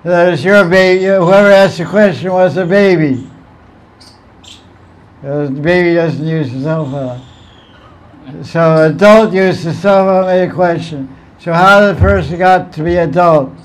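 A man's voice: high voice, unhurried, rough recording. A man, a spiritual teacher, giving a devotional talk with verse recitation, playful and chuckling as he answers questions.

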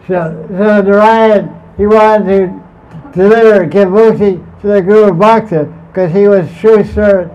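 A man with a high voice tells a devotional story the way a spiritual teacher would. He rambles, chuckles and often restarts his sentences. The recording is dull and lo-fi. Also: steady tone, measured pace, darkish tone. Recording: muffled lo-fi recording.

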